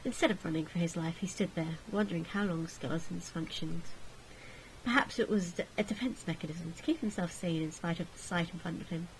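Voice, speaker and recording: A woman's voice: on the low side, a little fast, a little hiss or hum, poor audio. Sarcastic woman reading a visual novel aloud. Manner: sarcastic, jokey. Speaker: gaming video host.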